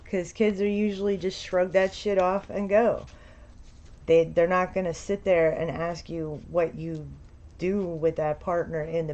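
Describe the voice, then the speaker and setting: Blunt, sweary low-voiced woman commentator. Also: darkish tone. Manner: blunt, sarcastic, swears freely. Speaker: commentator reacting to a streamer's video. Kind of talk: profane reaction commentary. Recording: dull lo-fi recording.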